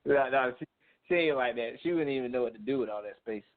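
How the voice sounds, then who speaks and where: A man's voice: medium pitch, quick pace, dry recording. Earnest preachy man on a phone line. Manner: earnest, preachy, faith-driven. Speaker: married guest. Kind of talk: casual chat. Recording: dry, tinny phone-line sound.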